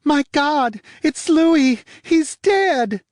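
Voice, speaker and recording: A man voicing a theatrical young blonde wife in an audiobook, pleading in a shrill, high falsetto wail. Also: slow, dry recording, clean studio sound, natural voice. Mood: hysterical. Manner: melodramatic, breathless pleading. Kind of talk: audiobook character voice.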